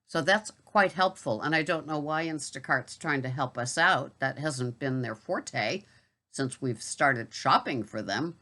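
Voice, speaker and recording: A middle-aged woman speaks with a low, forceful voice. She rambles through a casual vlog monologue, wandering into asides and fillers along the way. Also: animated, measured pace. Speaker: grocery delivery shopper.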